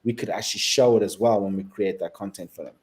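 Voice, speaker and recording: A man from South Africa with a South African accent, a guest videographer telling animated stories in a casual interview and laughing often. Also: fairly low pitch, fast talker.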